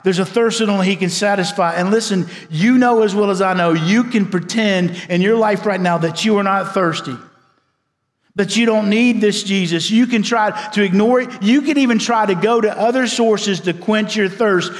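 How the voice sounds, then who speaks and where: A man preaching a sermon as a pastor, swinging between loud emphasis and hushed, quiet passages. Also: high-pitched, normal speed, big-room sound.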